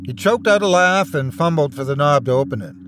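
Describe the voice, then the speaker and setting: A man's voice: a little high, expressive, brisk, fairly bright tone. A man hosting a horror podcast, reading a scary story aloud in a dramatic, suspenseful manner. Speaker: horror podcast host and narrator. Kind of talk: scripted horror story narration.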